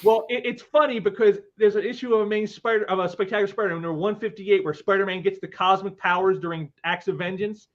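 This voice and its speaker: A man's voice: high-pitched, steady tone, fast, few pauses, fairly bright tone, highs cut off. A man chatting casually on a livestream who laughs often and stumbles over his words, repeating them as he talks.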